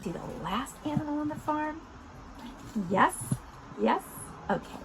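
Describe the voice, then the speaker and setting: A woman hosting an interactive lesson for toddlers, talking directly to small children in an animated, coaxing way. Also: high-pitched, a little slow, very noisy. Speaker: children's video host.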